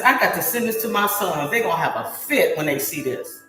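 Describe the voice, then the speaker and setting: A hoarse middle-aged woman talks straight to her viewers as she bakes, her pitch swinging up and down as she exclaims to herself. The room rings with echo, and music plays underneath her. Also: expressive, brisk, a bit bright. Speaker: home baker streaming live. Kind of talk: chatty live cooking stream. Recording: echoey room with music behind.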